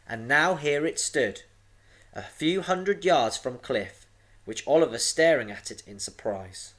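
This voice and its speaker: A man, a teacher, reading a storybook aloud to young pupils with a dramatic, expressive delivery. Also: medium pitch, slow pace. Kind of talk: storybook read-aloud for children.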